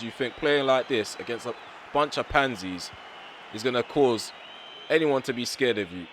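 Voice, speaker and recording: A young man commentating his own football video game, ranting bluntly at his players with a voice going hoarse. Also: medium pitch, moderate pace, fairly bright tone, slight background noise. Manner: frustrated, ranting, blunt with mild swearing. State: voice getting hoarse. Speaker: gaming YouTuber. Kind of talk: live gameplay commentary.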